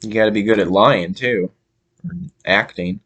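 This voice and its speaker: A young man from Minnesota telling a casual story to camera, halting with many fillers and restarts. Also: on the low side, fairly bright tone, husky. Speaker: vlogger.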